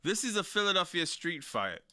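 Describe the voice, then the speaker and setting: A young man casually reacting to wrestling news, slangy and animated, laughing often. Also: high-pitched, normal speed, clean tone. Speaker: wrestling commentary streamer.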